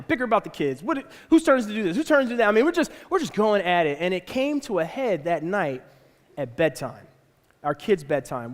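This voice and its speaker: A man preaches to his church, telling a family story with lots of animation and acted-out voices. His voice sits high for a man. The sound carries the long echo of a large hall. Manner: animated, acts out voices of his kids and wife. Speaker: pastor. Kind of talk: sermon storytelling. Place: church auditorium.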